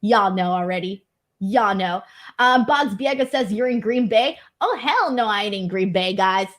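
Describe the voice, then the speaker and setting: A young woman with a medium-pitched, expressive, slightly bright voice hosts a casual wrestling show stream. At a moderate pace, she reads viewer super chats and tells funny stories in a chatty, self-mocking style.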